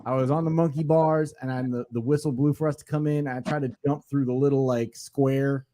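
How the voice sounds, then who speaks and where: A man on a podcast slowly telling a wry childhood story. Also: medium pitch, steady tone, warm tone. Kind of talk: casual podcast chat.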